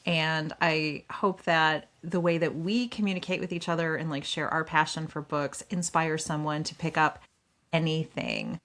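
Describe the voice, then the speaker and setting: A woman around fifty co-hosting a book podcast, telling stories in a lively, chatty way and acting out her own quotes. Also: low-pitched, moderate pace. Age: about 50. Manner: animated storyteller, acts out quotes. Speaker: podcast co-host. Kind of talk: casual book chat.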